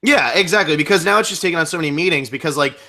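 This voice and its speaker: A young man co-hosting a casual live podcast, talking quickly in a rambling way, full of fillers and restarts. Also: on the high side, pushed and bright. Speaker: co-host of a reality show podcast. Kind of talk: casual live-stream chat.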